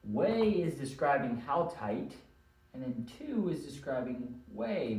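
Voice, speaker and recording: Man, teacher, friendly recorded lesson, keeps asking "all right?", mid pitch, echoey room, mic set back. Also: very animated, slow, darkish tone. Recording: roomy, mic at a distance.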